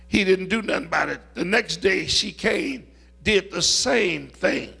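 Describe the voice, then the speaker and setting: A man preaching a sermon, telling stories slowly and rising into loud, shouted climaxes. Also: sits high, animated, creaky, slightly rough.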